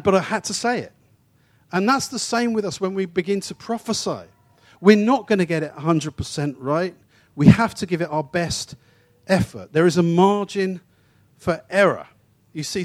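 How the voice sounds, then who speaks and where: A man from England giving an informal, anecdotal sermon as a traveling preacher, with frequent restarts, quick asides and slow, emphatic phrases. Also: high voice. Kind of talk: conversational sermon teaching.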